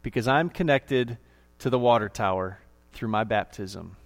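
A man's voice: fairly low pitch, normal speed. A man preaching a sermon in a church, emphatic and repeating key phrases. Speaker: pastor.

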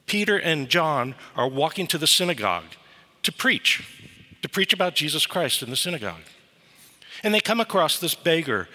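A man delivers a sermon with a vivid, storytelling manner. His voice is very bright and lively in its rise and fall, and it rings with long reverb in what sounds like a church. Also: fairly high pitch. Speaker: preacher. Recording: reverberant hall.

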